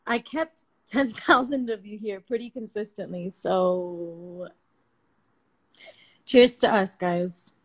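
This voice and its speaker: A woman talking into her phone on a late-night livestream, loose and slangy with plenty of swearing. Her voice sits a bit high, and she swings between loud bursts and near-murmurs as she laughs her way through. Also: takes it slowly, vocal fry, hardly any pauses, slightly rough, rough recording. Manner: slangy and profane, animated and laughing. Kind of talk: casual livestream chat.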